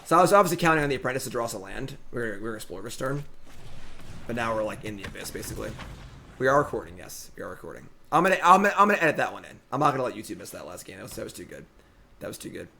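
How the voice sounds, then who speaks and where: A man streaming a card game from home, talking casually to his viewers with excitable commentary. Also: mid-range voice, rapid-fire, gravelly. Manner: excitable, talks to the audience as "folks".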